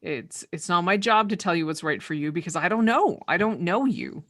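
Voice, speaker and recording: A woman's voice: fairly low pitch, expressive, brisk, fairly bright tone. A woman hosting a casual video-call conversation, speaking thoughtfully and often repeating words as she works out what she means.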